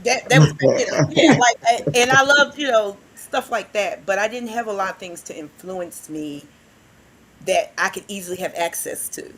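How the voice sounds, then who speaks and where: A woman who works with youth, telling animated stories in a casual podcast chat and acting out the voices she quotes. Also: medium pitch, normal speed. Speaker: youth worker and guest.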